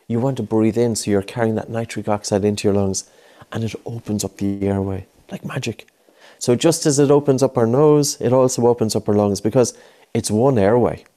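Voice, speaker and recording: With a lowish, mellow voice, this breathing instructor walks a child through a guided session. He stays patient and encouraging, repeating the cues as they go.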